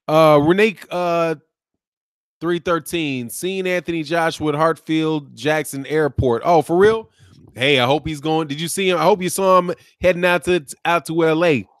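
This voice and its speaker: Boxing live-stream host, Midwest American man, pitched a touch high, dry sound, loose and mocking, laughs a lot. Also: moderate pace, smooth, no echo. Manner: animated, laughing, mocking, drops slang like "man" and "dog". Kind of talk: live-stream commentary reading chat.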